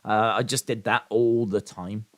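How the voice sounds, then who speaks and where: A man's voice: on the low side, little pitch movement, unhurried, no room sound. Rambling man reading chat. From English Midlands. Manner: rambling, reads out and answers chat comments. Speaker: live stream host. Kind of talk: casual live-stream chat.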